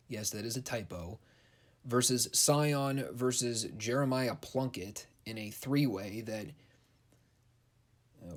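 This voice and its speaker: A young man giving a casual, blunt and sarcastic recap of wrestling shows, swearing freely. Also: fairly low pitch. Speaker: wrestling show reviewer.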